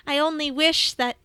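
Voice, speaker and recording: A woman voicing a regal cat goddess elder who speaks softly, measured and motherly. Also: sits high, no room sound, full character voice.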